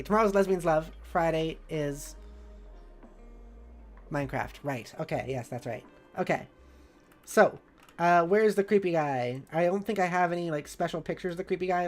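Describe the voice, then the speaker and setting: A woman's voice: lowish voice, a little mellow. A woman streamer chatting casually and rambling, with many fillers and a bubbly, giggly manner. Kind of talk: casual live-stream chat.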